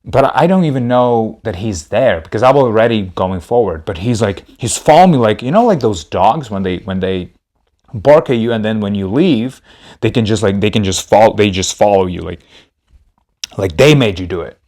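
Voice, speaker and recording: A man's voice: lowish voice, animated, normal speed, a little mellow. A man telling a comedic story on a podcast, rambling and repeating himself.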